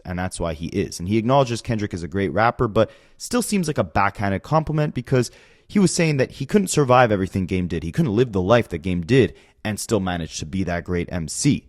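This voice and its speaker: Male host, low voice, close and dry, sarcastic running commentary. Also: a little mellow, no echo. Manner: sarcastic, incredulous. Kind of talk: commentary on rap clips.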